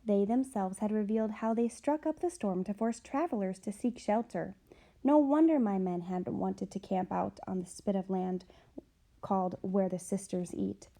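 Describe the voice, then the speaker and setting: A woman's voice: mid-range voice, moderate pace, warm tone, natural voice. A woman reading the part of a man dramatically telling a ghost story of his own escape. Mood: dramatic. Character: boastful male storyteller recounting his scare.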